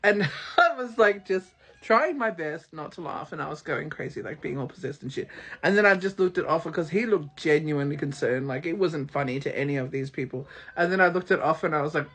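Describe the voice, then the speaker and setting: An adult from Australia, telling a wild story in a casual vlog, animated, swearing freely and acting out the quotes. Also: medium pitch, brisk, breathy edge. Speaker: vlogger.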